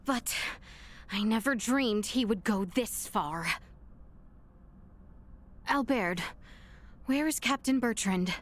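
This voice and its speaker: An actress voicing an earnest young princess who speaks in formal, halting phrases. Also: female voice, on the high side. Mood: distressed.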